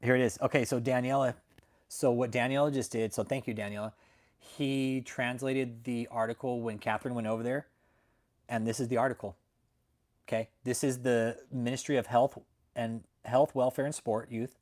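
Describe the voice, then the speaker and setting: A man's voice: medium pitch, fairly even intonation, normal speed, a little mellow. A young adult man hosting a channel, telling a story to his viewers in a brash, profane, casual rant. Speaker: channel host.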